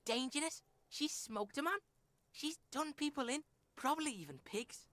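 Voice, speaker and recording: A woman's voice: sits high, animated, moderate pace, a bit bright. A woman voicing a scrappy, foul-mouthed young boy in a video game who swears constantly and talks about himself in the third person. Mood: brash defiant.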